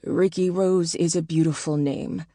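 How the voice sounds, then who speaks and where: A woman narrator voicing a gruff, deep-voiced husband who speaks in a tight, steady way. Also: a little slow, no room sound, studio quality, close to an everyday voice.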